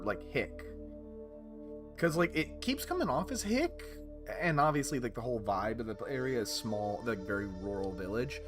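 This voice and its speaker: A man hosting a let's play in a casual game commentary style, chatty and quick to laugh. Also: medium pitch, very animated, over music.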